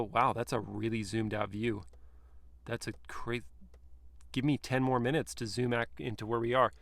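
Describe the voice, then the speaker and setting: A man's voice: medium pitch, creaky, dry recording. A man giving a casual, playful review from the back seat of a car, chatting and joking to himself as he goes.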